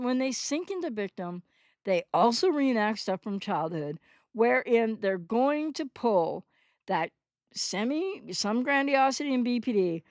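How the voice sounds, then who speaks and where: Higher-voiced woman in her sixties, rambling. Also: big pitch swings, measured pace, darkish tone, no room sound, studio quality. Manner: rambling, self-correcting, candid. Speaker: recovery channel host. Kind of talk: unscripted monologue answering a commenter.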